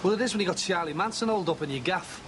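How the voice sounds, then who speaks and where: A man's voice: high voice, lively intonation, rapid-fire. An actor playing a blunt, irritated man running out of patience, in a TV drama with heavy background noise. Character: exasperated man losing patience.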